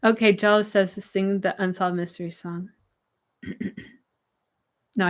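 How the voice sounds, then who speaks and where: A slightly hoarse young woman casually chatting on a livestream, reading viewer comments aloud and answering them from her room. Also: medium pitch, fairly even intonation, a little slow, pauses often. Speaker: livestream host. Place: her room with string lights.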